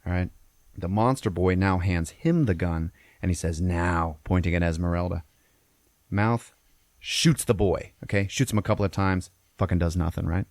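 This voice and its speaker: A man with a very low voice walks through a film plot casually, cursing freely and tagging lines with "okay?" and "all right?". The recording is dry and close. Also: normal speed, darkish tone, no room sound. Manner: profane, peppers lines with "okay?". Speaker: podcast host.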